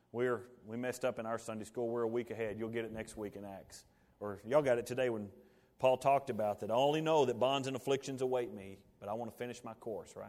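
Preacher in a reverberant hall. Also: male voice, medium pitch. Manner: rising to emphatic peaks, then dropping to quiet asides. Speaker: pastor. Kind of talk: sermon.

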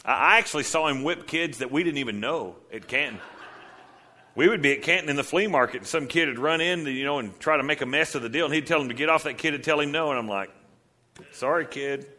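Preacher man with a bright, animated delivery. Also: on the high side, fast talker. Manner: animated preaching, rhetorical questions, acts out voices. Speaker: pastor. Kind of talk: sermon.

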